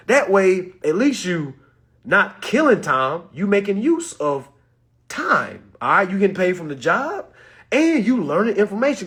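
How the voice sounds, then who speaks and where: A man talking casually to his live-stream viewers, animated and preachy, full of slang, swinging between loud and soft. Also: on the high side, breathy edge. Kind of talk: casual motivational talk to viewers.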